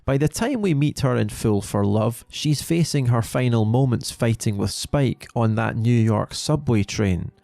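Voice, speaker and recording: A man narrating a lore video in a measured, explanatory way. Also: medium pitch, animated, vocal fry, dark tone, no room sound. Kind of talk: scripted narration.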